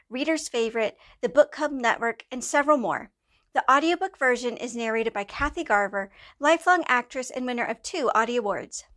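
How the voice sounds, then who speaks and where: High-voiced woman podcast host. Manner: bright, promotional delivery. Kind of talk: scripted podcast intro and sponsor read.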